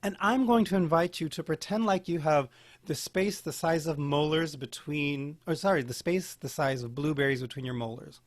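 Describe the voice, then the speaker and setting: A man teaching an online beginning singing class, guiding breathing and posture and demonstrating vocal warm-ups in a playful, encouraging way. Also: a little high, normal speed. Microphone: home video call mic. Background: keyboard accompaniment.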